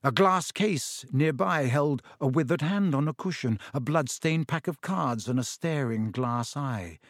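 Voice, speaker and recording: A man narrating a fantasy audiobook in a measured, steady storytelling manner. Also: fairly high pitch, no room sound, clean studio sound.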